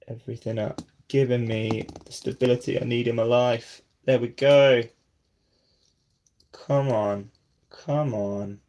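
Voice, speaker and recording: A man giving casual running commentary as he builds, talking to himself and at times dropping to a near whisper. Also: medium pitch. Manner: self-deprecating, talks to himself while building; drops to a near whisper while concentrating. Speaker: brick-building vlogger.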